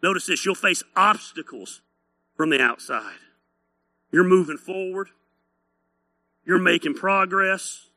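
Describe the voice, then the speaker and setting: Animated male pastor preaching, high voice, very bright, dry sound. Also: slow pace, long pauses, dry recording. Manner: blunt, teasing, animated preaching. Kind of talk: sermon.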